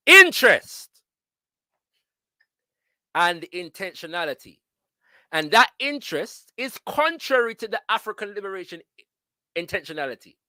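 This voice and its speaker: A man's voice: sits high, pushed and bright, dry recording. A man giving a lecture, reading passages from books aloud and often stopping to check in with his listeners. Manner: emphatic, checks in with listeners with frequent tag questions.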